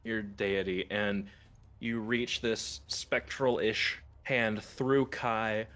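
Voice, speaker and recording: Male game master, lower voice, halting narration full of fillers. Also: fairly even intonation, a bit bright.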